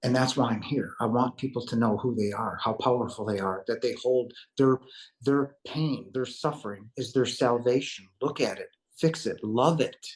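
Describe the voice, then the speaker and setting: A man's voice: mid-range voice, moderate pace, low-quality recording. A man giving an earnest spiritual testimony as an interview guest, emphatic, repeating himself and asking "right?" as he goes.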